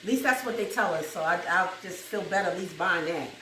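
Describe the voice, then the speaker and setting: A woman's voice: lowish voice, animated, a little fast, fairly bright tone, recorded from a distance, a little hiss or hum. A woman with a New York accent hosting a home cooking video, chatting casually, laughing often and breaking into gospel song. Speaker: cooking show host. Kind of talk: casual cooking chat with bursts of gospel singing. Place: home kitchen with food frying. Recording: roomy kitchen audio from off-mic.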